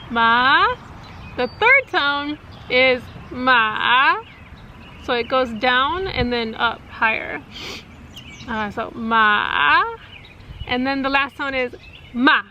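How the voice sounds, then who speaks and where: A woman's voice: high voice, sharp tone, low-quality recording. Chatty woman vlogging outdoors in wind. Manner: chatty, many fillers, laughs often. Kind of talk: casual chat. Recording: wind noise on the mic.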